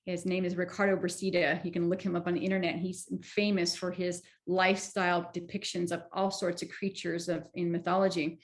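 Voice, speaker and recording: A woman with a lowish voice tells a story in an easygoing, rambling way. She stops to correct herself and leans on fillers as she goes. She sounds like a guest chatting through a tale. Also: level tone, brisk, few pauses. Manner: rambling, loose retelling with self-corrections and fillers. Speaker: guest, holistic lifestyle coach. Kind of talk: casual storytelling in conversation.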